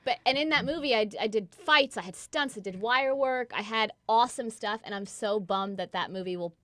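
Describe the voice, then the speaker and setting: A woman from New York, an actress chatting as a podcast guest, animated and quick to laugh. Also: on the high side, no echo. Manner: animated storyteller, laughs often. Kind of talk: casual interview chat. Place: podcast studio.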